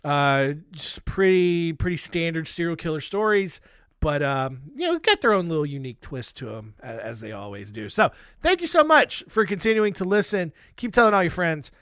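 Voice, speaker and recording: A male podcast host with a high, animated voice that swings freely up and down. He talks bluntly and irreverently, with jokey asides, recorded dry and close to the mic. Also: normal speed, clear, resonant tone, no room sound. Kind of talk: casual comedic true-crime recap.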